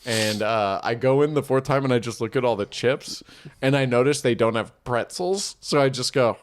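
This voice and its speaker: A man's voice: mid-range voice, normal speed. A man co-hosting a podcast, telling stories in casual chat and acting out the lines of the people in them. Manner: animated, acts out other people's lines while telling stories. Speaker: podcast co-host and actor.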